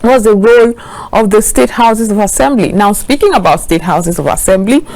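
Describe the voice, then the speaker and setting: A woman's voice: medium pitch, expressive, normal speed, darkish tone, low-quality recording. A woman with a Nigerian accent anchoring a news show, giving earnest, questioning commentary with frequent fillers.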